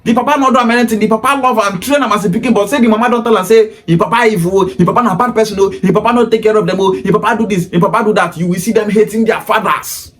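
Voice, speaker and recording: A man's voice: high-pitched, steady tone, very fast, hardly any pauses. A Nigerian man with a Pidgin-inflected English accent, delivering an emphatic, repetitive opinion monologue in a lecturing tone. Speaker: commentator.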